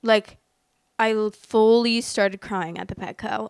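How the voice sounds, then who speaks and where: A young woman chats to the camera as a casual vlog host, rambling from thought to thought with plenty of fillers and strong feeling. Her voice is smooth and clear. It is recorded close and dry, with no room sound. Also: on the high side, steady tone, slow pace, no echo. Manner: emotional, rambling, lots of "like" fillers. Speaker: host reading online stories. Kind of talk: casual chat reacting to stories.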